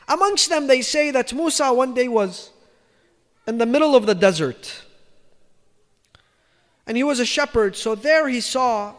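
A man giving a storytelling religious lecture, emphatic and repetitive, dropping his voice low for quoted lines. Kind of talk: storytelling sermon. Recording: reverberant lecture hall.

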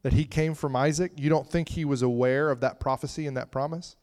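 A man's voice: medium pitch, fairly even intonation, fairly quick, a little mellow. A man preaching a conversational sermon, chatting with the congregation and breaking into fits of laughter.

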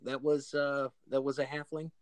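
Male podcast co-host, mid-pitched, hesitant, dry close recording. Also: little pitch movement, moderate pace, clean tone, no room sound. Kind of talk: casual chat.

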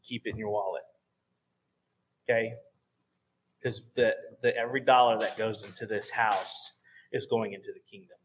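A man's voice: fairly low pitch, fairly even intonation, moderate pace, long pauses, slight background noise, low-quality recording. A male pastor speaking to his congregation during a service. His talk is casual and earnest, loose and chatty, and he keeps checking in with the room. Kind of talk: church offering talk. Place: church service.

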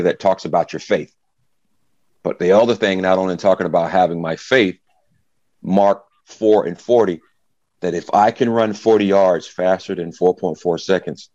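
A former football player, now middle-aged, tells his story in an interview in a low voice, acting out the quotes of people in it. The audio is dull, with no room sound.

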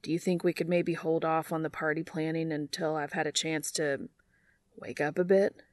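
A woman's voice: low-pitched, little pitch movement, normal speed, no room sound, studio quality, natural voice. A woman reading aloud and voicing a flustered, weary young man who speaks with strained, hesitant politeness.

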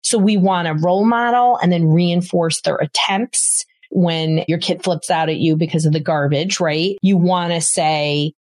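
A woman's voice: on the low side, steady tone, unhurried, hardly any pauses, a little mellow, dry recording. A middle-aged woman hosting a parenting podcast, giving casual advice with emphatic enthusiasm and repeating words for stress.

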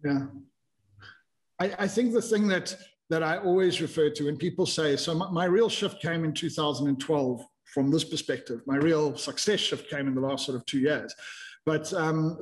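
A man's voice: fairly high pitch, normal speed. A man in his fifties, a podcast guest telling his story in a candid, reflective way with frequent restarts. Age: 50s. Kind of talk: casual interview chat.

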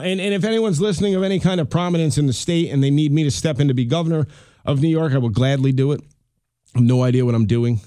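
A man's voice: mid-range voice, warm tone, no room sound, clean studio sound. A middle-aged man hosting his own podcast, talking in a rambling, chatty, self-deprecating way. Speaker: podcast host. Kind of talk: casual solo podcast monologue.

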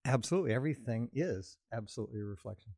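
A man talking calmly in a casual conversation, explaining his ideas at length in a reflective way. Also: medium pitch, racing, no echo, studio quality. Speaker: podcast co-host.

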